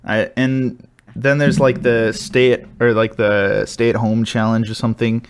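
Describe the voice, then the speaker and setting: A man's voice: mid-range voice, flat delivery, a little slow, a little hiss or hum. A young man co-hosting a podcast, chatting casually, rambling and laughing as he stumbles and restarts. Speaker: podcast co-host. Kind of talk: casual chat.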